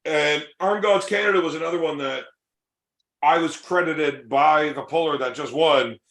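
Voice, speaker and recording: A man's voice: a little high, moderate pace, fairly bright tone, roomy sound. A man hosting a casual podcast chat, telling coaching stories in a profane, emphatic way. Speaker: podcast host and arm wrestling coach.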